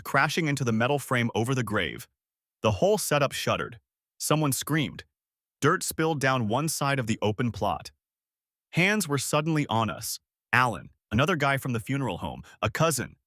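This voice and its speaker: A man telling a first-person story with a dramatic, emphatic delivery. His pitch moves a lot across a middle register, and the voice sounds dry and close to the mic. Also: pushed and bright, dry recording.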